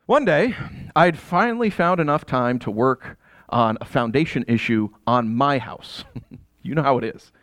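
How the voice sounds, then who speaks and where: Before an audience, a man delivers a dramatic first-person story monologue, shifting from quiet asides to exasperated, almost shouted outbursts and firing rhetorical questions at listeners. His mid-range voice is expressive and unhurried, recorded with studio quality and no echo.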